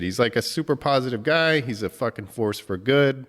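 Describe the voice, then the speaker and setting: A man's voice: medium pitch, animated, fairly bright tone. Choked-up man in a reverberant room. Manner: halting, many restarts and fillers, heavy swearing. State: emotional, choked up. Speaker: podcast host. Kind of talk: emotional tribute monologue.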